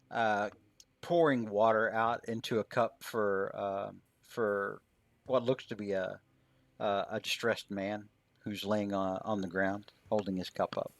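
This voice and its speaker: A man running a tabletop game as game master, narrating in a relaxed way full of fillers. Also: lowish voice, slow pace, soft background music.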